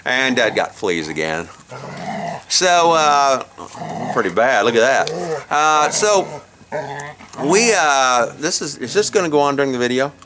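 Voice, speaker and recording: A man's voice: medium pitch, sing-song, unhurried, pauses often, noisy background. A middle-aged man telling a comic story in a folksy way, chuckling at his own jokes, recorded outdoors at a campsite. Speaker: comedic storyteller host.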